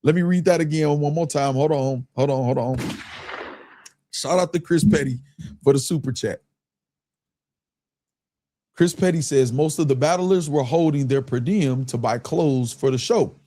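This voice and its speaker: A man's voice: fairly high pitch, moderate pace, pauses often. Laid-back male livestream host. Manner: loose, slangy, keeps breaking into laughter; reads viewer comments aloud in a relaxed drawl. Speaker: livestream host reading super chats. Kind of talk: casual live-stream chat.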